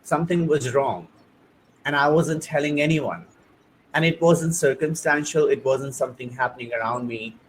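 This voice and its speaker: A man's voice: a little high, normal speed, a little hiss or hum, low-quality recording. A man hosting a conversation, telling his own story in short, earnest, heartfelt phrases. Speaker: host. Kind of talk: personal testimony in conversation.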